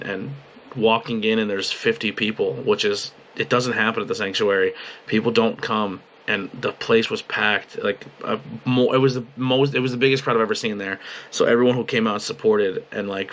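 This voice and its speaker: Young man, low voice, rambling, halting, swears a lot, emotional video journal, webcam. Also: a bit bright, slight background noise. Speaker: podcast host and wrestling commentator. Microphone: webcam at a desk.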